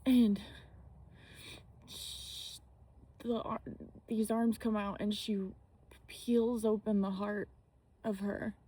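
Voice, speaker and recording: A woman speaking outdoors in a slow, halting, emotional personal reflection, with restarts and whispered asides. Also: medium pitch, level tone, dark tone, breathy edge. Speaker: spiritual vlogger.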